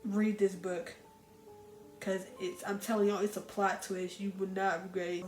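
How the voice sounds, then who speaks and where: A woman chatting casually about books she recommends, animated and talking straight to her viewers. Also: medium pitch, moderate pace. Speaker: book reviewer. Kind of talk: casual book recommendation chat. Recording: echoey room with faint music.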